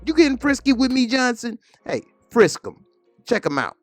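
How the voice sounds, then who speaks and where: A man voicing a hostile, taunting male police officer who sneers and shouts. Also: on the high side, sing-song, measured pace, vocal fry, no room sound, soft background music, voice pushed up, exaggerated voice. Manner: sneering, aggressive, loud.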